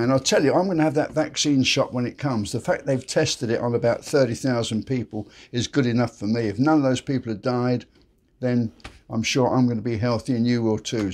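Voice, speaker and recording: A man with a medium-pitched, darkish voice hosts a daily joke show, telling jokes casually to camera in a chatty, folksy storyteller style.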